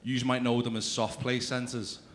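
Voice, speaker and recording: A man in his thirties on a comedy club stage, telling rude family stories and ribbing the audience between bits. His voice sits at an ordinary middle pitch, with faint room noise behind him. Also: little pitch movement, unhurried. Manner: crude, chatty storytelling with asides to the crowd. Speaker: stand-up comedian. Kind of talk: stand-up comedy routine.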